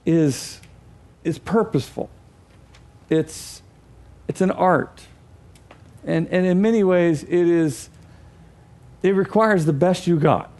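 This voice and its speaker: High-voiced man giving an animated talk. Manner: animated, acts out examples. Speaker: speaker. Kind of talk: teaching talk to an audience.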